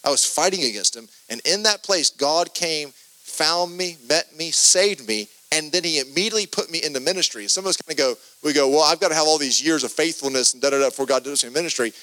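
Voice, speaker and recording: A man preaching a podcast sermon, earnest and animated, reading scripture with emphatic stress and loose restarts. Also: a little high, fast, poor audio.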